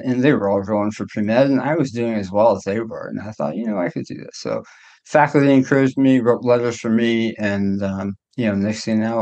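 A man's voice: lowish voice, darkish tone. A middle-aged man, a doctor, telling his own story in a candid interview in a reflective way, often restarting his sentences. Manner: reflective, with frequent restarts and hedges. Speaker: guest, doctor.

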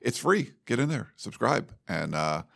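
A man's voice: mid-range voice, big pitch swings, a little slow, vocal fry, fairly bright tone. A man co-hosting a podcast in a studio, in casual, rambling chat full of fillers. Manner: rambling, laid-back, lots of fillers. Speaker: podcast co-host.

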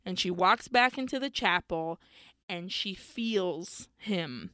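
A woman's voice: lowish voice, animated, slow, bright, forceful tone, no room sound. A woman co-hosting a podcast, retelling a film's plot in casual chat, swearing freely and laughing as she goes. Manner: swears often and laughs while telling the plot. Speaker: podcast co-host. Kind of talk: casual film recap chat.

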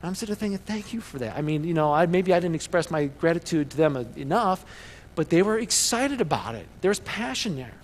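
A pastor with a fairly high voice delivers his sermon in an animated, storytelling way, jumping into loud excited bursts. The long echo of the church hangs behind him with a faint room hum. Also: fairly quick.

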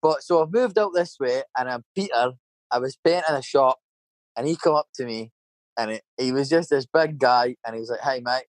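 A man's voice: mid-range voice, moderate pace, no room sound. A middle-aged Scottish man with a Scottish accent, rambling through casual anecdotes full of swearing and tag questions. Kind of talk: casual storytelling chat.

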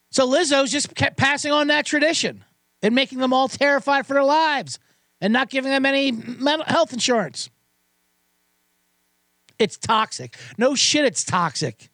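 A man's voice: very high-pitched, lively intonation, moderate pace, pushed and bright, no room sound, studio quality. A man hosting a podcast, ranting in a profane, sarcastic and rambling way with many restarts. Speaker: podcast host. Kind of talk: comedic rant.

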